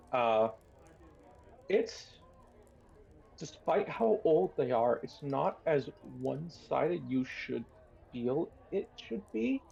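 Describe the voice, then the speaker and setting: Slow gravelly man running a game. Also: mid-range voice, a little mellow, dull audio. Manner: unhurried, descriptive, many fillers. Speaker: game master. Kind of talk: narrating a tabletop game.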